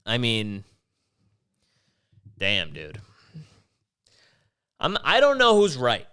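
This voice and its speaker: A man's voice: mid-range voice, wildly swooping pitch, drawn-out words, bright, forceful tone, clear, resonant tone. A man hosting a podcast, rambling in a casual, profane and exasperated rant. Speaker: podcast host.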